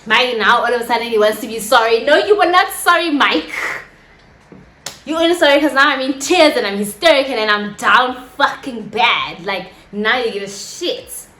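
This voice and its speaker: Young woman, higher voice, dramatic storytime vlogger who swears freely, roomy echo. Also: a little fast, few pauses, sharp tone. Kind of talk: casual storytelling.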